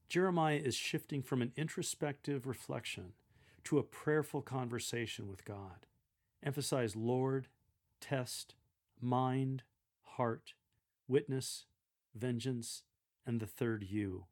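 A man giving measured, deliberate instruction on how to proclaim a scripture reading aloud, speaking clearly as a lector coach. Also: medium pitch.

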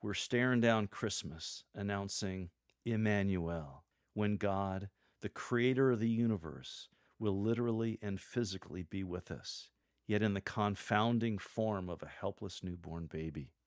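A man with a fairly low voice gives scripted, measured coaching to church lectors. He reads sample lines aloud to show the delivery he means. The recording is close and dry, with no room sound. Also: dry recording. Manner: measured, demonstrates readings aloud. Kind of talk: scripted teaching narration.

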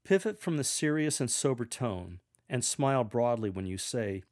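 A man giving measured, earnest instruction on how to read scripture aloud to a congregation. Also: medium pitch, lively intonation, darkish tone. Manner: measured, earnest, with demonstrated readings. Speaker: lector coach.

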